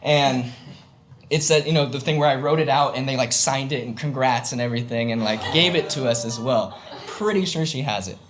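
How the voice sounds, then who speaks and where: A young man with a medium-pitched, slightly bright voice talks a little fast, with some faint background noise. Before an audience on stage, he tells a personal story, rambling, using many fillers, and teasing himself.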